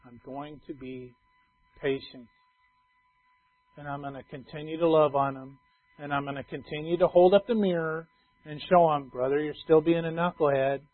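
A middle-aged male pastor giving a conversational sermon, swinging between loud emphatic lines and soft quiet asides. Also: on the high side, wildly swooping pitch, moderate pace. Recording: tinny phone-like sound.

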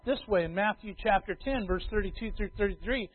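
A preacher with a high, ringing man's voice delivers a sermon, hammering home key phrases through repetition. He swings from loud declarations to quiet asides. The sound is thin and tinny, like it came over a phone line. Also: fairly quick, hardly any pauses, dry recording. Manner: emphatic, repeats key phrases, swings between loud and hushed.

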